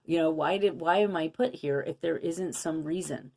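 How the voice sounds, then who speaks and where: Low-voiced woman giving a card reading. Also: moderate pace, vocal fry, a little mellow. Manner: earnest, coaching, many rhetorical questions. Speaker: intuitive card reader. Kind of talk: casual spiritual card reading for viewers.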